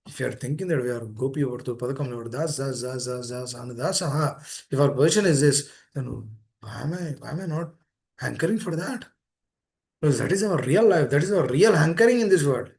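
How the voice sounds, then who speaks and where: A man giving a devotional talk to devotees, earnest and pleading, repeating phrases as his voice swings between soft and emphatic. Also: medium pitch, lively intonation, brisk, creaky. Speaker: speaker at a temple meeting. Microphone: online meeting room.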